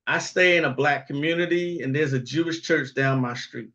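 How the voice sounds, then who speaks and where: A man's voice: on the high side, normal speed, fairly bright tone, highs cut off. A man hosting a livestream in casual, rambling talk, chuckling often and tagging lines with "okay?" and "all right?". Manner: rambling, frequent chuckles, tag questions. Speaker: livestream host.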